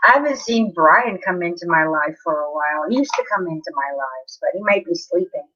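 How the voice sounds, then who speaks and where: A woman's voice: lowish voice, animated, brisk, sharp tone. Chatty woman on a lo-fi live stream. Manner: apologetic, chatting to viewers in chat. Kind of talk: casual live-stream chat.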